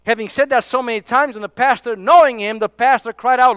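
A man preaching a sermon, emphatic, dropping to hushed tones for key points. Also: extremely high pitch, a little fast, smooth, no echo.

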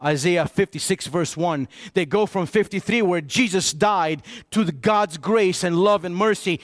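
A male pastor delivering a sermon in a somewhat high voice. He moves between loud, emphatic points and quiet, close storytelling, restarting phrases as he goes. The recording is dry with no room echo. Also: moderate pace, hardly any pauses. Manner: swings from raised, emphatic preaching to hushed, intimate storytelling; repeats and restarts words when telling stories.

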